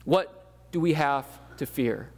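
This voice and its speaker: A man with a slightly high voice delivers a sermon in a conversational, easygoing way, scattering fillers before rising to emphatic questions. His voice rings out with the long reverb of a church hall. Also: takes it slowly, a little mellow. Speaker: pastor. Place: church sanctuary.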